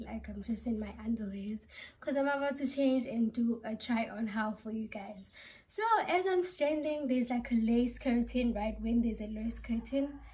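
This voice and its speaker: A woman's voice: a little high, mellow, breathy edge. A woman vlogging casually, exclaiming and dropping in Zulu phrases as she talks to her viewers. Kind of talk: casual vlog chat.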